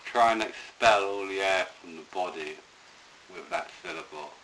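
A man's voice: low-pitched, big pitch swings, normal speed, gravelly, sharp tone, slight background noise, low-quality recording. A man teaching a meditation class to a group in a room, talking in a rambling, hesitant way with many restarts. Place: indoor room with a live group.

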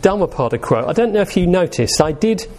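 A man giving an informal talk on meditation, gentle and conversational, often asking his listeners questions. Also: sits high, sing-song, brisk. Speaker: meditation teacher.

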